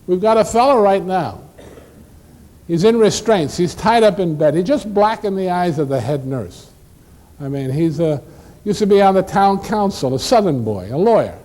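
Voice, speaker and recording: A man putting on a brisk, high-voiced nurse. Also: expressive, mellow, long reverb tail. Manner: brisk, rattling off details. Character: hospital nurse, brisk woman.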